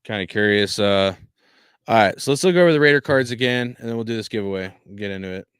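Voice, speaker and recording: A man's voice: fairly low pitch, fast, smooth, no room sound, clean studio sound. A young man chatting casually on a live stream while opening football cards, swearing and laughing often. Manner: laughing, swearing, loud exaggerated dismay.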